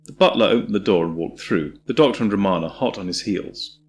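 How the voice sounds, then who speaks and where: Low-voiced man narrating an audiobook. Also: animated. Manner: measured, descriptive storytelling.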